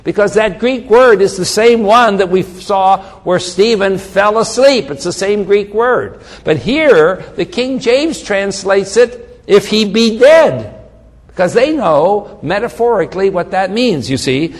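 Here a man with a high, expressive voice preaches a little slowly, his words echoing with a long reverb. The sermon is an exposition of the Bible, read aloud with rising emphasis and punctuated by casual remarks.

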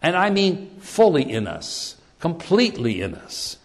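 A man preaching a sermon, reading and explaining scripture, often repeating words and slowing down for emphasis. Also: on the high side, wildly swooping pitch, big-room sound.

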